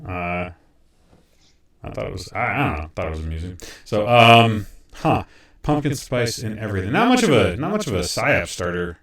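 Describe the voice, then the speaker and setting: A man's voice: on the low side, sing-song, normal speed, fairly bright tone, recorded from a distance. Joking man, echoey and off-mic. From French Canada. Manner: joking, crude. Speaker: podcast co-host. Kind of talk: casual banter.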